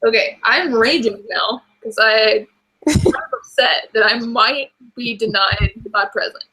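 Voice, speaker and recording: A woman playing a tabletop game has a bright, breathy voice pitched a little high. She reads rules out and then talks through her move in a casual way. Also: a little slow, low-quality recording. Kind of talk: casual chat while playing.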